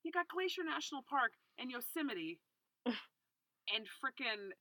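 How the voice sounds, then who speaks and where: A woman co-hosting a podcast in casual chat, talking in an animated, slangy way and swearing now and then. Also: sits high, measured pace, no room sound. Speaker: podcast co-host.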